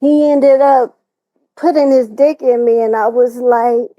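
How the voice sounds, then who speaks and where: A woman's voice: on the high side, fairly even intonation, a little slow, no room sound, dull audio. A woman telling a distressing personal story as a talk-show guest, acting out what others said.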